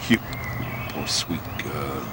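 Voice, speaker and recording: A man's voice: medium pitch, lively intonation, moderate pace, lightly acted. An actor playing a suspicious older man in a 1950s mystery film, talking in a persuasive, condescending way. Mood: conspiratorial. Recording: hissy old VHS film transfer.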